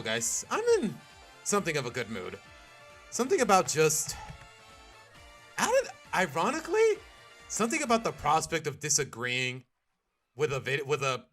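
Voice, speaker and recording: A young man with a voice on the high side live-streams a video game. He chats casually and jokingly with his viewers in an animated way, now and then slipping into silly accents.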